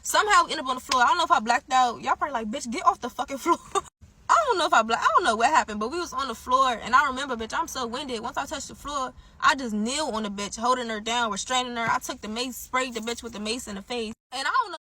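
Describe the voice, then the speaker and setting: A young woman telling a story in a casual, animated way, profane and swinging from loud bursts to low asides. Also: quick pace, few pauses. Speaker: storyteller in a clip.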